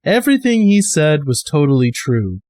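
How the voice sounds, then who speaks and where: A man's voice: a little high, very animated, a little mellow, dry recording. A man voicing a hardened, weary woman survivor who speaks bluntly and grimly. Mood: somber. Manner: blunt, grim and measured.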